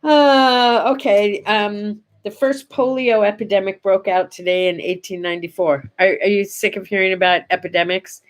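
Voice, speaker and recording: An older woman hosting a casual morning chat show, talking chattily to her viewers and going soft on sad memories. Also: mid-range voice, fairly even intonation, normal speed, hardly any pauses. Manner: chatty, warm-hearted, goes quiet and soft on sad memories. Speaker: host.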